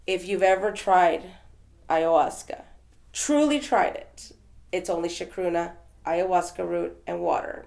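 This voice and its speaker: A woman's voice: on the low side, measured pace, gravelly, darkish tone. A woman from Texas telling her story as an interview guest, in a rambling, conversational way with fillers and restarts. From Texas, USA.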